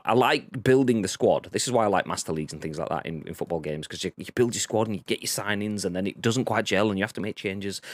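A man's voice: sits low, no echo. A man co-hosting a casual live-streamed podcast, rambling, swearing freely and reading chat messages aloud. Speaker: podcast co-host.

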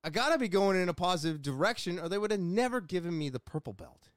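A man's voice: high-pitched, sing-song, quick pace, no room sound, clean studio sound. A man talking in a rambling, earnest, self-deprecating way in a casual video chat from a small room at home. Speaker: vlogger.

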